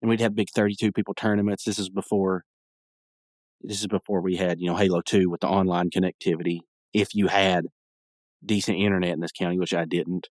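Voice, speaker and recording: Speaking fairly quickly in a low, level voice, a young podcast host rambles through a casual solo recap of a cartoon episode, laughing as he acts out scenes. The studio sound is clean, with no echo.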